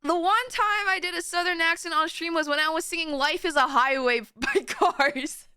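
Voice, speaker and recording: A woman's voice: very high-pitched, normal speed, sharp tone, no room sound, studio quality. A young woman from Florida chatting casually on a stream, rambling and giggling as she talks. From Florida, USA. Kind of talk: casual reaction stream chat.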